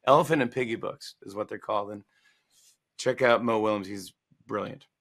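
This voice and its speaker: Playful man in his forties, guest author, bright lively delivery. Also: fairly low pitch, brisk, creaky. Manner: animated, playful, acts out lines. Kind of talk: casual interview chat.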